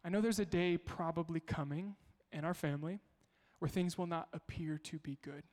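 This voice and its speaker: Pastor, male, fairly high voice, storytelling sermon with rhetorical questions, echoing in a big hall. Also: fairly even intonation, moderate pace, darkish tone. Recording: long hall reverb.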